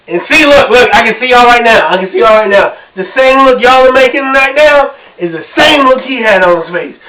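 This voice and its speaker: High-pitched male comic, chatty stand-up delivery with audience asides, recorded on a distant mic in a basement. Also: fairly bright tone. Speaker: stand-up comedian. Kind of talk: stand-up comedy set. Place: home basement.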